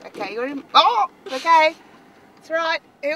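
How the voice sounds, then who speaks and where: A frazzled Australian woman in a car, mocking herself in an anxious, exasperated comic monologue. Her voice is bright and sharp, and it sits a little high. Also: lively intonation, a little slow, a little hiss or hum. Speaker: columnist.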